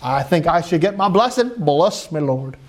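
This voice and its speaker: A man's voice: fairly high pitch, expressive, normal speed, pitched below the performer's own voice, lightly acted. A man putting on an American accent to voice a smug churchgoer who prays as if he has earned a blessing. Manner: mocking self-satisfied prayer.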